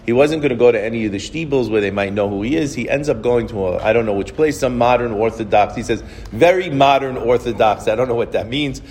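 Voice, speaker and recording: A man's voice: mid-range voice, fast, few pauses, a little mellow. A man telling anecdotes to an audience in a rambling, conversational way, with frequent restarts. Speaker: speaker telling stories to an audience. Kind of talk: anecdotal storytelling talk. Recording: echoey hall, faint noise.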